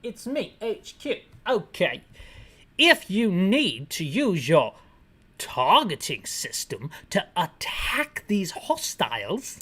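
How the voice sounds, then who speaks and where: A woman voicing a pompous male radio commander in a deliberately bad British put-on, reading out instructions slowly and over-pronouncing every word. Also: mid-range voice, very animated, a bit bright, husky, exaggerated voice. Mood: stuffy.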